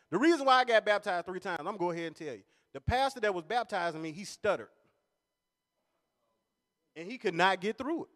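A man doing animated stand-up comedy at a church service, laughing at his own jokes as he tells stories. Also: high-pitched, normal speed, long pauses. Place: large church hall. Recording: long reverb of a large church hall.

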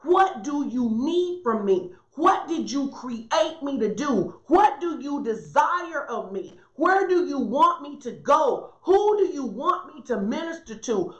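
Emphatic high-voiced woman preaching. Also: echoey room, lo-fi sound. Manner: emphatic, repeats key phrases for stress. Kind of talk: sermon.

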